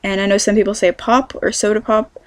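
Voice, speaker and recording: A woman's voice: medium pitch, level tone, brisk, no echo. A teenage girl from California, chatting casually through a question-and-answer vlog, rambling with lots of ums. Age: teens. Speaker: vlogger.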